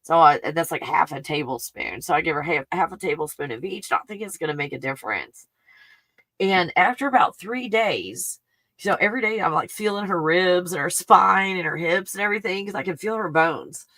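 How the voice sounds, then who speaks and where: A woman's voice: fairly low pitch, lively intonation, fairly quick, fairly bright tone, no echo. A woman hosting a livestream, chatting casually and laughing as she rambles about her puppy. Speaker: livestream host. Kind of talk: casual chat.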